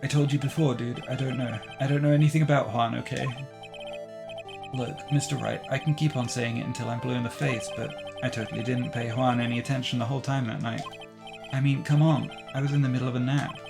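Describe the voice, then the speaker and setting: A man's voice: medium pitch, steady tone, a little fast, gravelly, natural voice. A man voicing a laid-back, dismissive young male celebrity who drawls and keeps saying dude, over game music. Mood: casual.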